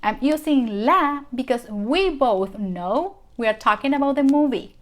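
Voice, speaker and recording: Slow, careful teacher woman. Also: high voice, expressive. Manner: slow, careful model sentences with questions to the viewer. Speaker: Spanish teacher. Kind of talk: language lesson.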